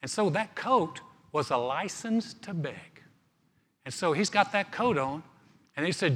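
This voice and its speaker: A man pastor preaching a sermon, telling the story in an animated way and often repeating his words. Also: high voice, normal speed, breathy edge, long reverb tail.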